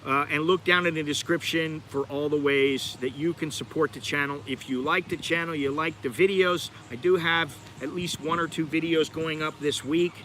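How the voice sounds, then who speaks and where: A middle-aged American man with a very bright, cutting voice, pitched a little high for a man. He chats and digresses freely as a livestream host, talking straight to his viewers, with faint traffic noise behind him outdoors in the city. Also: steady tone, moderate pace, hardly any pauses. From United States. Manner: chatty, digressive, talks to viewers directly. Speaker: channel host. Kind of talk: rambling livestream chat.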